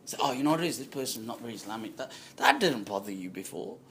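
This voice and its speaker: A man lecturing as an Islamic scholar to a live audience, conversational and animated, acting out quoted voices and laughing often. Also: medium pitch, slight background noise. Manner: frequent quick laughs. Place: indoor talk before a small audience.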